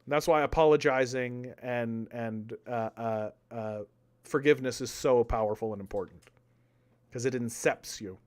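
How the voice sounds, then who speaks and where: A young man doing casual live-stream political commentary, animated, repeating words and arguing with his chat. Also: medium pitch, normal speed. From Canada.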